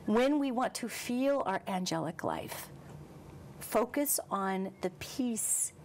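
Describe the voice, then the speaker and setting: A woman guest in an interview, speaking with lively emphasis and slowing down for calm passages. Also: a little high, slight background noise. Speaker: psychic medium guest. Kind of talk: interview conversation.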